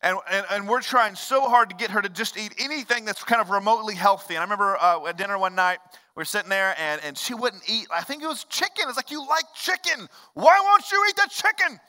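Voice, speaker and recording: A male pastor preaching a sermon in a conversational storytelling way, dropping to hushed lines and rising to loud, emphatic ones. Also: high voice, quick pace, hardly any pauses. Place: large church hall. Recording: long reverb of a large hall.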